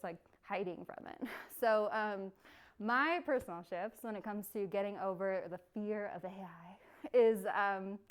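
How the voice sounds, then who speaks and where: A woman's voice: medium pitch, clear, resonant tone. A young woman giving a casual live workshop, chatty and bubbly, laughing often. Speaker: workshop presenter.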